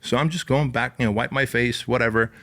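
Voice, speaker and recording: A man hosting his own podcast, telling a wild personal story in a casual, profane, animated way, full of "like" and "bro.". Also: mid-range voice, a little fast. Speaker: podcast host.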